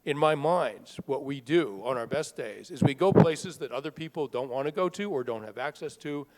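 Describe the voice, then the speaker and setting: A middle-aged man telling a personal story to a live audience, talking in a conversational, halting way with fillers and restarts. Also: mid-range voice, animated, darkish tone. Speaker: author speaking at a book festival. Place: large hall at a live event. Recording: long reverb of a large hall.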